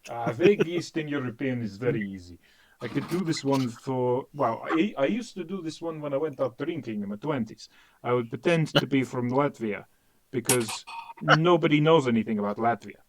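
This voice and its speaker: Speaking at normal speed with a medium pitch, this animated man from England chats ahead of an online game. He's in his thirties, has an Essex accent, and stays upbeat, spinning stories and putting on voices.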